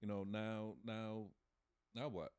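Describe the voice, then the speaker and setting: A man's voice: fairly low pitch, flat delivery, takes it slowly, a little mellow, clear, resonant tone, no echo, studio quality. A man co-hosting a casual podcast chat, hesitant and full of restarts, ums and laughter. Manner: laughs while telling stories. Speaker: podcast co-host.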